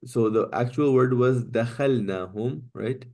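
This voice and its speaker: A man teaching Quranic Arabic grammar in a class, explaining patiently step by step and reciting Arabic phrases quickly. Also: mid-range voice, darkish tone.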